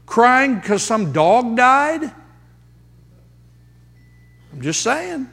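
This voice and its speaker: Slow, high-voiced preacher in a reverberant hall. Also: male voice, sing-song, gravelly, fairly bright tone, husky. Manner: emphatic preaching with dramatic pauses and rhetorical questions. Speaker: pastor. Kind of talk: sermon.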